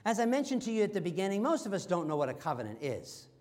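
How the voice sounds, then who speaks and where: A middle-aged man preaching a sermon as pastor, swinging from loud emphatic lines to soft, slow, hushed ones. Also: high voice, sing-song.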